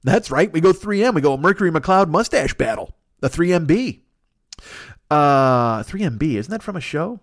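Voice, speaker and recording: A man's voice: fairly high pitch, animated, dry recording, studio quality. A man hosting his own comedy podcast, ranting and riffing in a profane, rambling monologue. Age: 40s. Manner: profane, rambling, quick riffing rant with mock voices. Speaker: podcast host.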